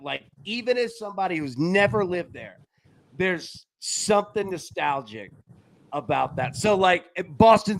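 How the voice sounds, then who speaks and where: A man hosting a live sports betting show, rambling and laughing in casual chat. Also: high voice. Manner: rambling, animated, laughs often.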